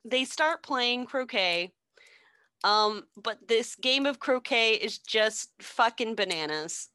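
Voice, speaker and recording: Unhurried bright-voiced woman retelling a story. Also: fairly high pitch, expressive, clear, resonant tone, dry recording. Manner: unhurried, loose, swearing, filler-heavy. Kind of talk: casual chat retelling a story.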